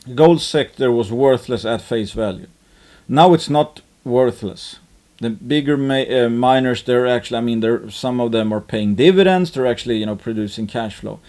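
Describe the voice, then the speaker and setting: An investing-channel host talks stocks in offhand market commentary, rambling with plenty of fillers and restarts. His mid-range, darkish voice moves at a normal speed.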